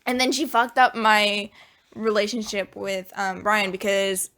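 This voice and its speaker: A woman's voice: medium pitch, fairly even intonation, a little slow, a bit bright. A young woman, a podcast co-host, telling a personal story in casual chat, hesitant and full of fillers.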